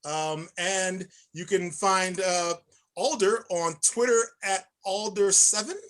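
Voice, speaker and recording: A man's voice: high voice, takes it slowly. A man from Chicago hosting a sports podcast in casual, enthusiastic chat. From Chicago, USA. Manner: animated and enthusiastic. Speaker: podcast host.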